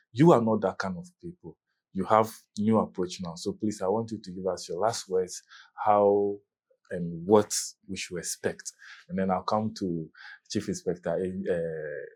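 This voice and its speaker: Ghanaian male host, low voice. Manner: polite, with frequent short affirmations and laughs. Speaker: talk show host. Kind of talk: studio interview.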